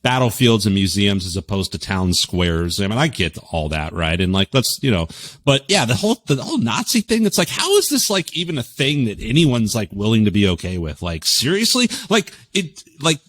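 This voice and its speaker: Low-voiced, profane man rambling casually. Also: very animated, fairly quick, dry recording. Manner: rambling, profane, swings to sudden loud emphasis. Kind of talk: casual podcast chat.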